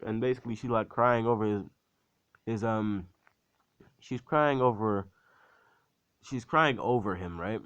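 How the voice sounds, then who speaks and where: A man's voice: on the low side, normal speed, long pauses, fairly bright tone, no echo, highs cut off. A man casually retelling a fan story in a rambling way, full of fillers.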